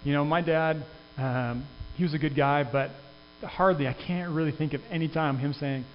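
A male pastor delivers a conversational sermon in a somewhat higher voice, often restarting his sentences as he goes. His voice rings with a long reverb in a church, and the recording is a little dull with a faint mains hum behind it. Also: fairly even intonation, normal speed. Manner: conversational, earnest, with frequent restarts.

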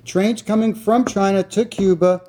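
Wry man reading news in a mellow voice. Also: sits high, steady tone, unhurried. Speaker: host. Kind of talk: political talk show, reading news items.

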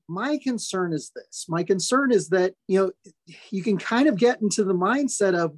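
A man hosting a podcast, making his points in a measured, deliberate way and stressing his caveats. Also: sits high, lively intonation, no room sound. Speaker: podcast host. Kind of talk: casual sports chat.

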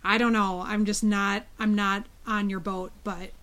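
A woman's voice: mid-range voice, level tone, a little slow, fairly bright tone. A woman co-hosting a podcast, frank and opinionated as she tells stories casually. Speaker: podcast co-host; teacher. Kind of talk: casual discussion.

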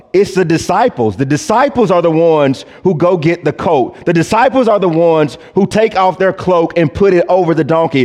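A male pastor delivers a sermon in a slightly high voice, drawing out his words slowly and deliberately before building to emphatic peaks. His voice rings with the long reverb of a church sanctuary. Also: a little mellow. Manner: slow, deliberate preaching that swells to emphatic peaks.

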